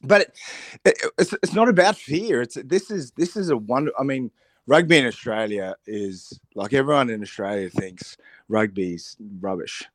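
Husky-voiced man, hoarse from a cold. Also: mid-range voice, normal speed, dry recording. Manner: animated, rambling with restarts. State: recovering from a cold. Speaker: radio co-host. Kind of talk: casual radio chat.

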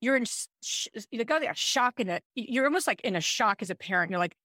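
A woman in her thirties, a podcast co-host, telling a personal story in an animated, chatty way. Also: on the high side, fairly quick, hardly any pauses, no room sound, clean studio sound. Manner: animated, chatty, with frequent "like" and "I'm like". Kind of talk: casual storytelling chat.

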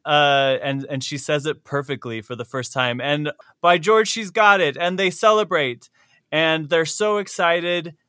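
A man hosting a casual podcast chat, animated and quick to laugh. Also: a little high, no room sound, clean studio sound. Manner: animated, laughs often, chatty storytelling. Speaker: podcast host.

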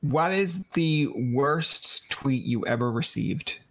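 A male podcast host with a slightly high voice tells stories with energy. He acts out both sides of arguments as he goes and keeps the chat loose. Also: takes it slowly. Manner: animated storyteller, acts out quoted exchanges.

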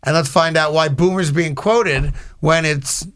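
A man's voice: on the high side, fairly bright tone. A man hosting sports talk radio, arguing and cutting in on his co-host and callers. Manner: argumentative, quick to cut in.

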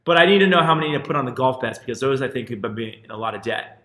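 Male co-host, quick bright delivery, rambling and self-deprecating, roomy echo. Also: medium pitch, lively intonation. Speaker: podcast co-host, bettor. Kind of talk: casual banter about bets.

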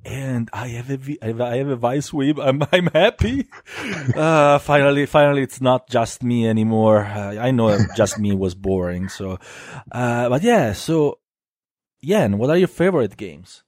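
A man's voice: medium pitch, measured pace, a little mellow, no room sound. A talkative man with an Italian accent hosts a casual podcast, joking and teasing his co-host. His voice sits mid-range, and it is recorded dry and close, with no room sound. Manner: chatty, laughing, teasing.

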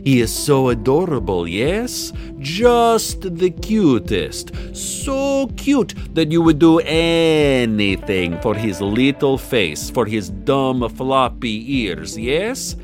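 A man voicing an ominous female ghost who speaks slowly and gravely. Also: mid-range voice, big pitch swings, pitched above the performer's own voice. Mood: sinister. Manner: slow, portentous delivery. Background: music.

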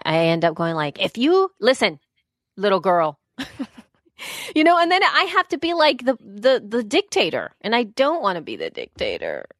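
A woman's voice: on the low side, dry recording, clean studio sound. A woman in her thirties co-hosting a casual chat show, talking in a loose, rambling way. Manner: rambling, many restarts and fillers. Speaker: podcast co-host.

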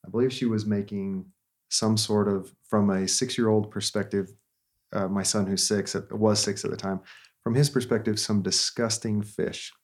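A man's voice: on the low side, fairly even intonation, normal speed. A therapist, a man in his thirties, telling a story in an earnest, conversational way with frequent restarts.

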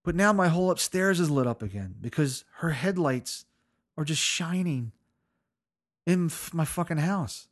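Solo podcast host, man with a slightly high voice, profane and self-mocking storyteller who breaks into laughter. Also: animated, moderate pace.

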